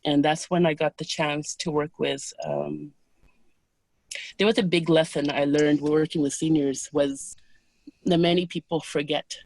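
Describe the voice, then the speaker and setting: A woman as an interview guest, calmly recounting personal experiences in a soft, unhurried, hesitant way. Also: low-pitched, vocal fry, dry recording. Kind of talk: personal storytelling in conversation.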